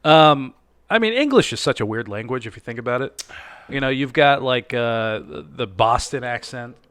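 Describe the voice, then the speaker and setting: A man's voice: medium pitch, expressive, normal speed, a bit bright, clear, resonant tone, no room sound. A man in his thirties co-hosting a casual podcast while drinking, boisterous and profane, jumping between topics. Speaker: podcast co-host.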